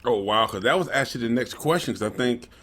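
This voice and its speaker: A man co-hosts a podcast with a mid-pitched voice. He keeps things relaxed and conversational, answering with short reactions and easy chuckles. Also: quick pace. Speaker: podcast co-host. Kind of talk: casual chat.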